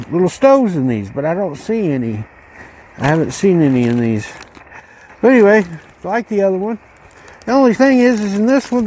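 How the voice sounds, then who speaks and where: A man hosting a casual unboxing video, musing aloud in a slow, rambling way as he goes through a ration pack. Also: high voice, a little mellow, a little hiss or hum, low-quality recording. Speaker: channel host reviewing ration packs.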